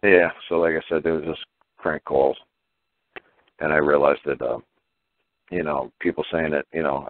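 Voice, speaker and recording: A man talking casually on a call-in show, piling up rhetorical questions in an animated way. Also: extremely low pitch, normal speed, long pauses. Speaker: guest caller explaining legal ideas. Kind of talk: casual phone-in talk. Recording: tinny phone line, dry.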